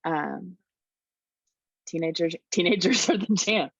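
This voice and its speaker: A woman's voice: fairly low pitch, slow pace, slightly rough, dry recording. A woman in her forties chatting on a podcast panel about youth ministry, laughing often and poking fun at herself. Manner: lively, laughs often, self-mocking. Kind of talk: casual podcast chat. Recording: dull dry lo-fi audio.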